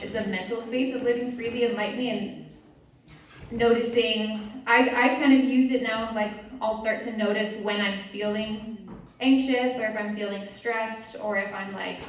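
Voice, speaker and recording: A woman's voice: medium pitch, slight background noise. Woman retreat speaker, casual and open, room ambience and echo. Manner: candid, chatty, with many fillers. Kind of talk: casual talk at a women's retreat. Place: large room with an audience. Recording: echoey room, mic far off.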